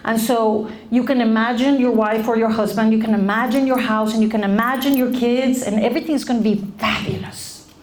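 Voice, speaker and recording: A middle-aged woman giving a lively talk to college students, often putting questions to the audience. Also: on the high side. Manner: animated, asks the audience questions. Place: lecture room.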